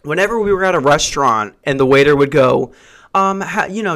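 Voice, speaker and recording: A man's voice: a little high, lively intonation, a little fast, fairly bright tone. A young man hosting a podcast, ranting in an exasperated, profane comic style and mimicking people with mocking impressions. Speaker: podcast host. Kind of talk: comedic rant.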